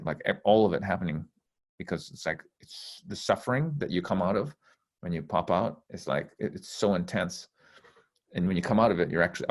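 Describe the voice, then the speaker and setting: Spiritual teacher, male, very low voice, blunt and profane, rambling and intense, casual call. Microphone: call microphone.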